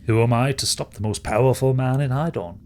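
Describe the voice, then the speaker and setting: A man's voice: mid-range voice, fairly quick, a little mellow, slight background noise, lightly acted. A British man voicing a smug, sneering male villain who schemes and gloats. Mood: gloating.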